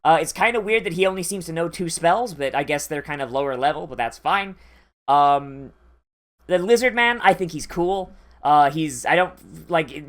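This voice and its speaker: An anime reviewer giving casual reaction commentary, rambling and swearing freely, with many fillers and restarts. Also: medium pitch.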